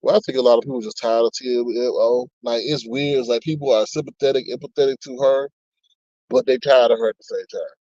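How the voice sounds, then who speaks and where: A man's voice: medium pitch, steady tone, fairly quick, mellow, no echo, dull audio. A man hosting a casual commentary stream, talking bluntly and profanely as he rants and reads chat comments aloud. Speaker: commentary channel host. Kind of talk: casual commentary on online drama.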